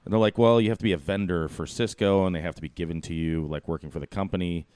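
Deep-voiced man telling a bar story. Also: quick pace, smooth, no echo. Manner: animated, swearing, acts out quotes. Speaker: bartender and podcast guest. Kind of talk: casual storytelling.

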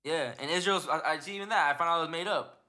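Young man, podcast host, casual chat, rapid, bright, slightly high, rambling, profane. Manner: rambling, profane, retells stories with put-on quotes.

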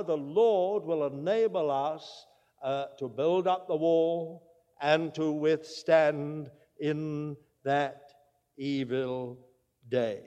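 An older man preaching a sermon, telling a story with emphasis and slowing right down on the key words. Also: high-pitched, darkish tone, muffled recording. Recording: long reverb of a hall.

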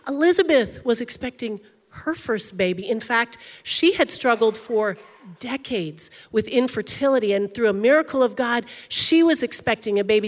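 A woman's voice: high-pitched, a bit bright, in a large hall. A woman pastor preaching a sermon in a conversational, emphatic way, often saying "like".

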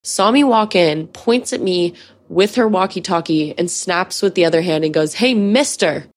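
A woman's voice: lowish voice, moderate pace. A woman in her twenties, a podcast host, telling a story in a casual, profane, chatty way with many fillers.

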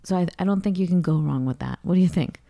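A woman's voice: on the low side, fast talker, gravelly, dark tone, no echo. A woman co-hosting a casual talk show from a home kitchen, chatty, gushing and playful. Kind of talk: casual chat.

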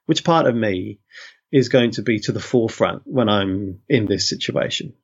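The audio is dull, and the man, a London guest being interviewed, has a lowish, husky, expressive voice at an ordinary pace. He muses conversationally, keeps revising what he says, and often drops in "you know."

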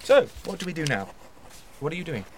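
A man's voice: fairly high pitch, big pitch swings, brisk, a little hiss or hum. A man playing an agreeable colleague in a comedy sketch who keeps chiming in to agree. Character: agreeable man who sides with whoever spoke last.

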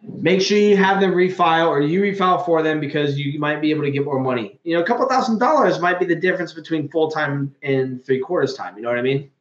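Guy hosting a chat, kinda tipsy, swears a lot, rambly stories, highish voice in an echoey room. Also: fast, muffled recording. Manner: rambling, profane storytelling. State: tipsy, words a bit slurred. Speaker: podcast host. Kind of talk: casual chat.

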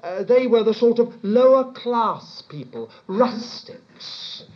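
A British man delivers a sermon in a chatty teaching manner, full of asides and self-corrections. His pitch swoops and jumps expressively from phrase to phrase. The recording is dull and lo-fi, missing its top end. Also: expressive, slow. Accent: British English. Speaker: preacher.

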